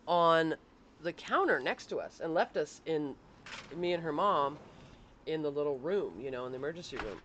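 A woman with a fairly low, fairly bright voice co-hosts a podcast and is a parent. In a casual chat she tells family stories bluntly, swears freely and laughs mid-story.

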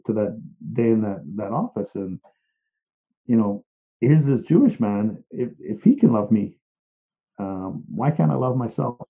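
Halting man, phone-thin sound. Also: mid-range voice, narrow, tinny audio. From England, Liverpool. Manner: halting and reflective, many restarts, emotionally open. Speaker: speaker sharing a personal story. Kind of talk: personal storytelling talk.

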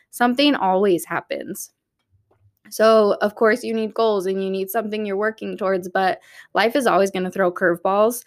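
A woman hosts her own podcast in an encouraging, candid way, her voice sitting in a mid range. She talks to her listeners like friends from her office after hours. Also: medium pitch. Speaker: podcast host. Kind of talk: motivational solo podcast talk. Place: office at night.

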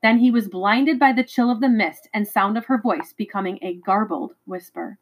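A woman reads a novel chapter aloud in a mid-pitched voice. She is expressive and dramatic, with an occasional stumble over a word. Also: normal speed, low-quality recording. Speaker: reader.

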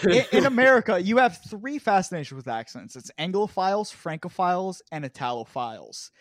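A man hosts a podcast, easygoing as he reads listener questions and moves things along. His voice is high for a man, and the sound is dry and close. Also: big pitch swings, a little fast, dry recording. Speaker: podcast host reading questions. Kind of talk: casual banter.

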